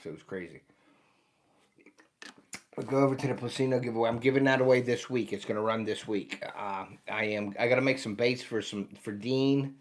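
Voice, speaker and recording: An American man in his fifties, hosting a casual livestream for his outdoor channel. He sounds tired and yawns now and then, and he chats loosely while greeting viewers by name. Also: lowish voice. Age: 50s. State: tired, yawning.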